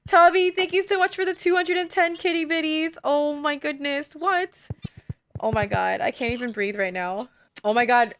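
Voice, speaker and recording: A woman's voice: very high voice, a little hiss or hum. A young woman streaming live, gushing and exclaiming as she thanks her viewers. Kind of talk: excited livestream chat with viewers. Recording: loud background music.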